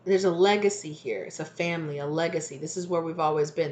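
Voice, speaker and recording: A tarot reader with a fairly low, darkish voice walks through a reading in a loose, conversational way. She keeps checking in with quick "right?" and "exactly" remarks, and a faint hiss runs beneath her voice.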